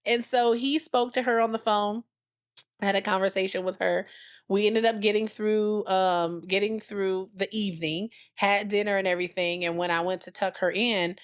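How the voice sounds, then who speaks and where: A woman in her thirties co-hosting a podcast, telling stories in a casual, animated way and acting out dialogue. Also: on the low side. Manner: animated storyteller, acts out dialogue with her daughter. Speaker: podcast co-host. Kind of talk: casual chat.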